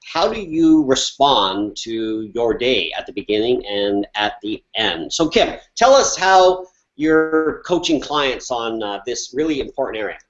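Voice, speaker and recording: A Canadian man co-hosting a live coaching session, talking at an easy middle pitch. He rambles a little and leans on fillers. The sound is dull and lo-fi. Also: a little slow, hardly any pauses. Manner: relaxed, rambling with many fillers. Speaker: life coach, co-host. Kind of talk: casual live online chat.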